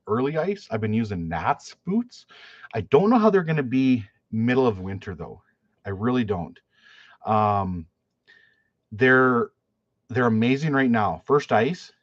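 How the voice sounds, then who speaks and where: A man's voice: fairly low pitch, no room sound. A man, a fishing guide, chatting casually on a live stream, telling stories with many restarts and fillers. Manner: rambling storyteller with many restarts and "like". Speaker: fishing guide and YouTuber hosting a live chat. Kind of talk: casual live-stream chat, reading viewer questions. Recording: dull, lo-fi, dry sound.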